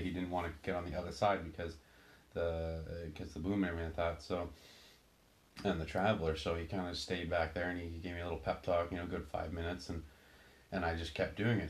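A man telling a personal story in a casual, halting way, full of restarts and fillers. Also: low voice. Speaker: storyteller recounting a sailing ordeal.

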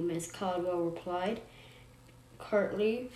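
A woman reads a horror story aloud at a slow, deliberate pace, pausing now and then to correct her own slips. The sound is roomy and echoey, with a faint hiss underneath. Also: on the low side, darkish tone. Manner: unpolished, stops to correct herself. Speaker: story reader. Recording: roomy echo, faint noise.

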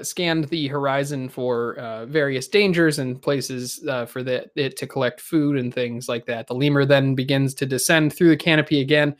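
A man improvising a silly adventure story in casual chat, halting and searching for words. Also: medium pitch, clear, resonant tone.

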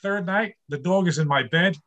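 A man's voice: high voice, moderate pace, a bit bright, muffled recording. An older man performing a stand-up comedy set, telling wry, self-deprecating jokes about his marriage.

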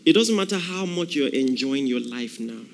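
A man's voice: medium pitch, lively intonation, moderate pace, gravelly, a little hiss or hum. A man preaching a sermon, emphatic, repeating key phrases and acting out the voices of people in the story.

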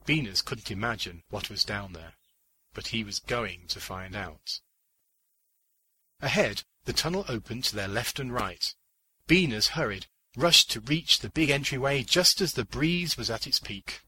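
A man narrating a short story in a measured, deliberate audiobook reading on a close mic. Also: medium pitch, animated, bright, forceful tone, breathy edge, no room sound, low-quality recording. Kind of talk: scripted audiobook narration of fiction.

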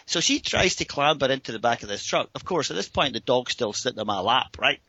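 A Scottish man in his fifties telling a funny story with lively delivery, chuckling as he goes. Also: medium pitch, brisk, no echo, highs cut off. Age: 50s. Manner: animated, laughs through his story. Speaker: guest. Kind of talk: anecdote storytelling.

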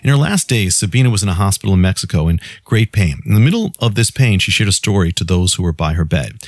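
A man's voice: animated, fast, no echo, clean studio sound. A man giving a short devotional radio message, telling a story and then urging listeners to call for a free gift. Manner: storytelling, then fervent offer pitch. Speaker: radio minister.

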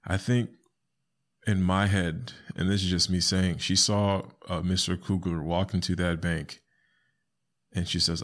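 A man hosting a podcast alone, talking casually and animatedly, often jumping into high squeaky voices to quote people. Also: level tone, a little slow. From South Florida. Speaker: podcast host. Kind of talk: casual solo podcast commentary.

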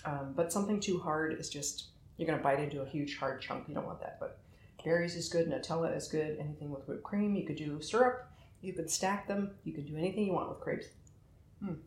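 A middle-aged woman hosts a podcast from her home kitchen, her low, darkish voice coming a little fast in a roomy space with slight hiss or hum. Chatty and self-deprecating, she talks between bites while casually chatting.

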